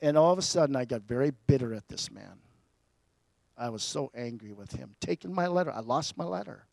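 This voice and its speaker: A man preaching a personal testimony as a sermon, telling his story with big swings between loud and quiet. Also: mid-range voice, animated, fairly quick, vocal fry, no echo.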